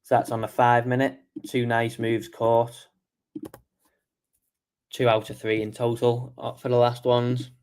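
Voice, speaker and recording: Sleepy guy hosting a trading stream, casual and relaxed, mid pitch. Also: measured pace, long pauses, clean tone. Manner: relaxed, answers chat questions while reviewing charts. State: tired, yawning. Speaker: trading show host. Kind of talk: casual market review livestream.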